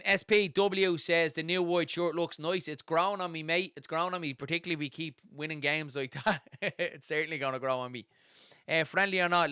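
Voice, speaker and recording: An Irish man hosting a live football watchalong, chatting casually and reading out viewer comments at a fast, excited clip. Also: medium pitch, clean tone, no echo, clean studio sound. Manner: fast-talking, gets excited and carried away. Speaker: host of a football watchalong stream.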